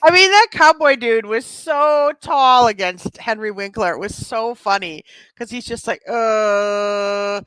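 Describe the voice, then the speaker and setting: A woman co-hosting a casual movie review podcast who is chatty and quick to laugh. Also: fairly high pitch, fairly bright tone, clear, resonant tone, no echo, poor audio. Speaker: podcast co-host.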